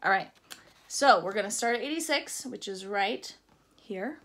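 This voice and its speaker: A woman teaching a math lesson to young children on video, playful and encouraging as she talks straight to them and counts out loud. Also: medium pitch, expressive. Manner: slow, drawn-out counting aloud.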